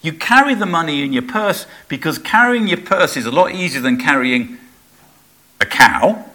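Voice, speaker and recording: A man's voice: a little high, lively intonation, normal speed, sharp tone. A man preaching a sermon in a conversational way, asking his listeners rhetorical questions.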